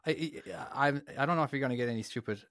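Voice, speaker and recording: A man's voice: medium pitch, rapid-fire, a bit bright, no echo, clean studio sound. An Irish man co-hosting a podcast, chatting casually and self-deprecatingly with frequent restarts. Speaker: podcast co-host. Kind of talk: casual chat.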